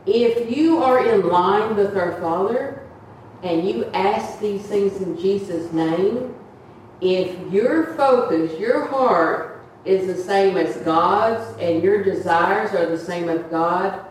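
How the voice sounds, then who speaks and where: A woman's voice: mid-range voice, takes it slowly, a little mellow. An older woman giving an earnest, rambling testimony in a church meeting, acting out the voices she quotes. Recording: very echoey room, from far off, faint noise.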